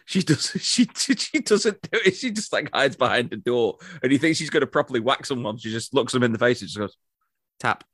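A man's voice: medium pitch, expressive, a little fast, few pauses, fairly bright tone, no room sound, studio quality. A man mocking a bad movie in casual podcast chat, sardonic and profane.

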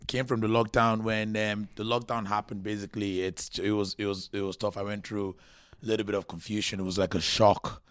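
A man in his thirties from Nigeria, a comedian guest telling his story in a casual, animated way with many restarts. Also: on the low side, a little fast, clear, resonant tone, dry recording. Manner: chatty and animated, restarts a lot, acts out quotes.

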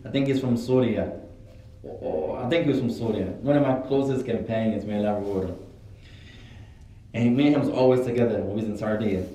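A man giving a religious lesson, telling stories in a relaxed, lively way and acting out what people said. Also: medium pitch. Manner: relaxed, animated storyteller, acts out quotes. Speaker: religious teacher. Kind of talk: classroom lesson with storytelling. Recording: echoey room, mic far off.

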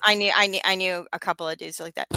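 A woman's voice: on the low side, quick pace, smooth, no room sound. A woman co-hosting a podcast in casual chat, swearing freely and acting out quotes as she tells stories. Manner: profane, animated storytelling with acted-out quotes. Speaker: podcast co-host.

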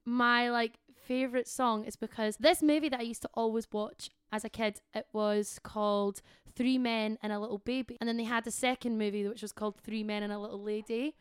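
A woman's voice: fairly high pitch, fairly even intonation, brisk, clean tone, no room sound, studio quality. A young woman co-hosting a podcast, chatting casually and giggling, with lots of "like" fillers. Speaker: podcast co-host. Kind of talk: casual chat.

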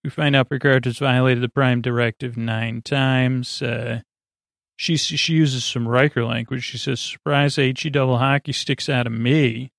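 A man hosting a sleep podcast, recapping a TV episode in a meandering, halting way with lots of filler sounds. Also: mid-range voice, steady tone, vocal fry, fairly bright tone, no echo, clean studio sound. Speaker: podcast host.

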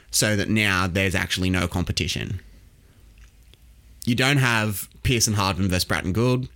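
A man's voice: fairly low pitch, fairly bright tone. An Australian man hosting a podcast, explaining history casually and quizzing his co-host.

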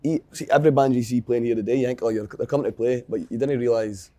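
A man's voice: medium pitch, fairly even intonation, quick pace, mellow, dry recording. A Scottish man talking casually and bluntly about working as a musician, with some swearing. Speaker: musician guest. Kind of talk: casual chat.

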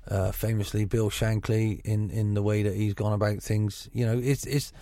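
A man's voice: lowish voice, flat delivery, normal speed, mellow, dry recording. A middle-aged football manager with a Gloucestershire burr, talking frankly in a radio interview, often restarting his sentences. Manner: frank, chatty, many restarts.

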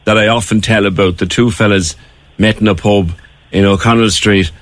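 A man's voice: on the low side, normal speed, dry recording. A man with a Cork accent hosting a radio show, chatty and fond of telling stories. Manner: chatty, storytelling, animated. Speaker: radio host. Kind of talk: casual radio chat.

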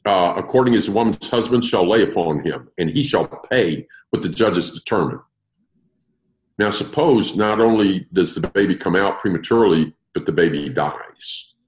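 A man's voice: deep voice, normal speed, reverberant, rough recording. A man leading an interactive Bible study, explaining verses and putting questions to his group. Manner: lively, asks the group questions. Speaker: Bible teacher.

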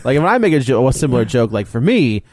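A man co-hosting a podcast in casual chat, jokey and quick to tease. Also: dry recording, clean studio sound. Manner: jokey, animated, drops into low mock voices. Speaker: podcast co-host.

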